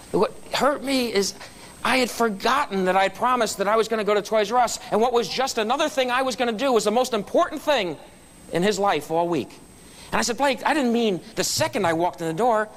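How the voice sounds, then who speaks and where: High-voiced man telling a funny story. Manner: storytelling with punchlines. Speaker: guest speaker at a club meeting. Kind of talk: humorous motivational speech. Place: meeting room.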